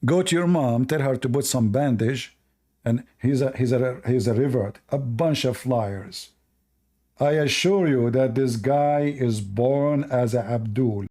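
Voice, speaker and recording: A man's voice: medium pitch, measured pace, dark tone. A man hosting a live call-in debate, mocking and scornful toward the caller. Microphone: online call.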